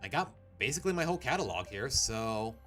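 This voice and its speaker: A man's voice: mid-range voice, very animated, fast talker, sharp tone. Rambling, chatty male streamer. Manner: rambling, chatty, restarts sentences. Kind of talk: casual game commentary. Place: home. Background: game music.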